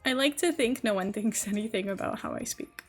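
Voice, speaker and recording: A young Dutch-born woman chats casually while streaming games, wandering from point to point with many fillers, her accent a mix of American and British. Her voice is medium-pitched and a little fast, with faint music behind.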